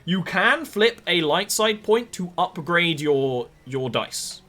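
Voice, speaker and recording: A man's voice: high voice, expressive, slow, sharp tone. A man running a tabletop game as game master, describing scenes in a rambling way with many fillers.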